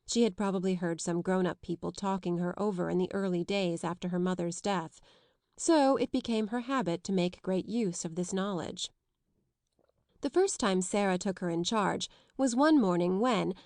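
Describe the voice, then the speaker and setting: A woman narrating a classic children's novel in a measured storytelling voice. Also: medium pitch, darkish tone, no echo, clean studio sound. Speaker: audiobook narrator. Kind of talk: scripted narration.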